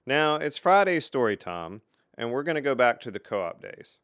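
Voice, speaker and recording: A middle-aged man hosting his own channel, telling stories from his engineering career in a casual, lively way. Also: mid-range voice, clear, resonant tone, no room sound, clean studio sound. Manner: lively, animated storyteller with dramatic pauses. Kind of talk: casual storytelling to camera.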